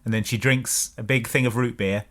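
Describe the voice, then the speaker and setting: A man's voice: mid-range voice, steady tone, moderate pace, a bit bright. Wry man recapping a film plot. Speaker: podcast co-host. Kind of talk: casual chat recapping a film.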